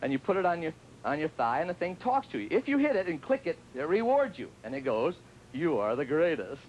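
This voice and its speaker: High, very animated and a little mellow, the tennis instructor talks fast during a televised lesson. He jokes and chats, occasionally impersonating his students, and the audio is poor, with a slight hiss or hum.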